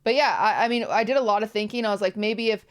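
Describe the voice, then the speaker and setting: A woman's voice: medium pitch, quick pace, clean tone. A young woman streamer talking to her viewers on a livestream, tearful, rambling and apologetic. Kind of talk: emotional livestream talk.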